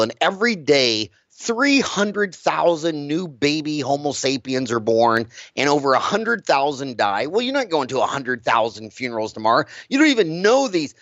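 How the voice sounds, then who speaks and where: Blunt, animated man with a higher voice. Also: no room sound. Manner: blunt, animated, emphatic, repeats words. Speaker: dentist, interview guest. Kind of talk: casual interview talk. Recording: dull lo-fi recording.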